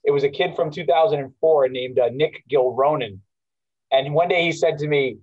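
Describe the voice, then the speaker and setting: A man recounts old memories on a video call, slightly high in pitch and given to stopping and restarting his sentences. His voice comes through dull and lo-fi. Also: animated, darkish tone, breathy edge. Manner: halting, frequent restarts and fillers. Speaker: alumni walk organizer at a school memorial. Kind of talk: casual reminiscing on a video call.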